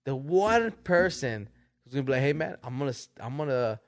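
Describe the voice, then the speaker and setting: Male podcast co-host, casual storyteller, mid-range voice, animated. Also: medium pitch, brisk. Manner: animated retelling, acts out quotes, laughs often.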